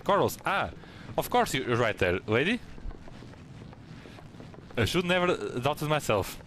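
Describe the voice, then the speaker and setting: A man's voice: a little high, sing-song, unhurried, a bit bright, slight background noise. A man voicing a rowdy, hard-drinking male sailor, reading game dialogue aloud in character with hearty sailor slang and stumbles over the lines. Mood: boisterous.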